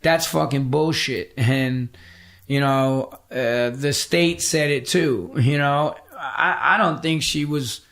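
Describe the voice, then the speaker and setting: Speaking slowly in a mid-range voice, this middle-aged guest on a podcast curses his way through a conversational story. He stays animated, imitating the voices of everyone he quotes.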